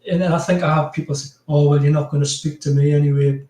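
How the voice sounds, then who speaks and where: A man's voice: on the high side, steady tone, fast talker, warm tone. A man with a strong Geordie accent chatting as a podcast guest, rambling with lots of fillers and frequent laughs. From North East England. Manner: rambling, laughs often, many "you know" fillers. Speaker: podcast guest, graphic designer. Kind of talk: casual chat. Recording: roomy, distant from mic.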